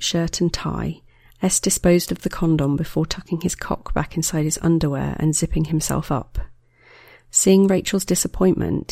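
Erotic story reader, gravelly texture, dry close sound, measured delivery. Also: mid-range voice, darkish tone, no room sound. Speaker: story narrator. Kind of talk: scripted erotic story reading.

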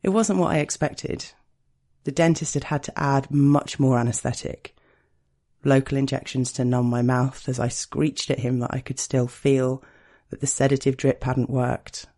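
A man narrates an erotic first-person story in an unhurried, hushed, confiding manner. His voice is dark and mellow, with a gravelly fry running through it. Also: mid-range voice, steady tone. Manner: slow, intimate, hushed storytelling.

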